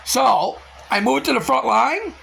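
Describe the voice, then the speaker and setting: A man venting in a casual vlog, telling stories with loud quoted outbursts and swearing. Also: very high voice, normal speed, creaky, a little hiss or hum. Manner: animated storytelling with loud quoted outbursts and profanity. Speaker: car reseller vlogger.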